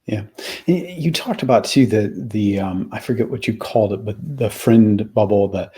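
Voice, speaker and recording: A man hosts a podcast interview, with a husky, mellow voice that sits fairly low. He talks casually and hesitantly, with plenty of fillers. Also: moderate pace. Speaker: podcast host.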